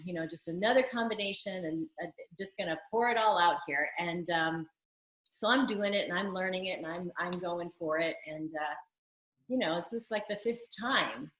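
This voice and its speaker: A woman telling an emotional story in an animated way as an interview guest, speaking over a video call. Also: on the low side, moderate pace. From United States. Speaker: interview guest, singer and actress. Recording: roomy video-call audio.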